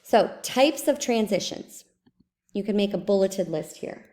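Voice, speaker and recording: A woman's voice: medium pitch, lively intonation, unhurried, mellow. A woman teaching a writing lesson in a screencast, explaining step by step and repeating example sentences aloud.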